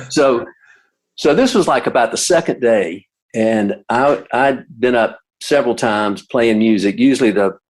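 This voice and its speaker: A man's voice: mid-range voice, unhurried, rough recording. An older man, a musician and guest, telling a casual anecdote in a rambling way with many restarts and asides.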